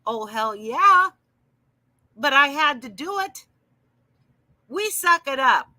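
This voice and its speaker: A woman's voice: high-pitched, expressive, slow, bright, forceful tone, no echo. A woman talking casually on a livestream, answering viewers in her chat by name with emphatic, heated remarks.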